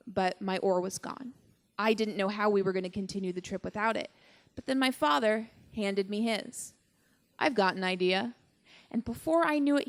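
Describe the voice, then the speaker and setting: A young woman with a medium-pitched voice performs a personal story on stage at a live show. Her delivery is wry and deadpan, punctuated by dramatic pauses.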